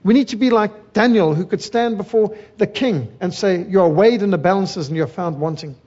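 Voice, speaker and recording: Middle-aged preacher from South Africa, husky voice, emphatic sermon delivery with rhythmic lists. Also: male voice, high-pitched, fairly quick, dark tone, lo-fi sound.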